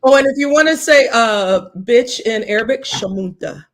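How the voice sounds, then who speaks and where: A woman co-hosting a casual chat show, talking in a blunt, profane, animated way. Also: high voice, moderate pace. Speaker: podcast co-host.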